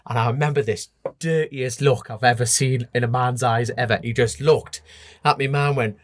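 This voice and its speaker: A man with a North East English accent, a guest telling racing stories in a casual, animated way and laughing often. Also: medium pitch, moderate pace, no room sound, studio quality. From North East England. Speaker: podcast guest, road racer. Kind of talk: casual chat.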